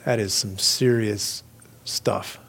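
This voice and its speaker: A man's voice: on the low side, steady tone, slow pace, vocal fry, a bit bright. A man preaching a casual, conversational sermon who retells scripture and acts out the voices in it. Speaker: pastor.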